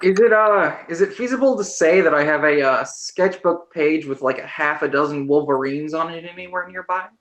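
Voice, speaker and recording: A man playing a tabletop game, asking quick joking questions and swearing casually. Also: fairly high pitch, fairly bright tone. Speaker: player. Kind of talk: casual chat. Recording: roomy echo.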